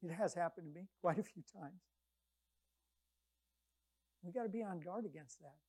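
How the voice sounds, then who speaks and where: A woman preaching a conversational sermon, retelling scripture stories with lively quoted voices. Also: lowish voice, normal speed, slightly rough.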